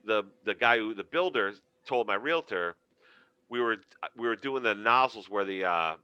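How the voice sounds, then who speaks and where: A man's voice: lowish voice, moderate pace, clear, resonant tone, dry recording, lo-fi sound. A man, a comedian telling stories in a casual chat and acting out the voices of the people in them. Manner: animated storyteller acting out quoted voices. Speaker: comedian guest.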